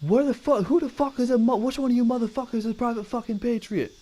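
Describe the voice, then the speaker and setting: A man voicing a profane male army drill sergeant who barks in loud, drawn-out, cursing yells. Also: very high-pitched, steady tone, pitched above the performer's own voice. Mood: bellowing.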